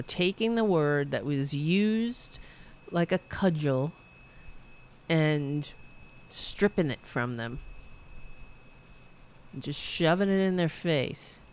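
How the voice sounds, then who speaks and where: A woman's voice: low-pitched, clear, resonant tone. A woman hosting political commentary, ranting in a profane, sarcastic and heated way and reading out viewer chat. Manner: reads viewer chat aloud.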